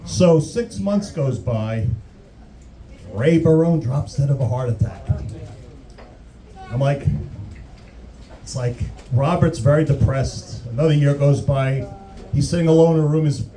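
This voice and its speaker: A man's voice: a little high, unhurried, long pauses, dark tone, soft background music, rough recording. A man doing a crude, rambling stand-up comedy routine, often restarting his sentences. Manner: rambling, crude, self-interrupting.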